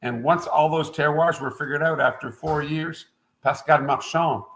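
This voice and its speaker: A man's voice: a little high, fairly even intonation, normal speed, a bit bright, poor audio. Rambling middle-aged man from Quebec. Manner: rambling and anecdotal, frequent "uh" fillers. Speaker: winemaker guest. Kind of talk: casual interview storytelling.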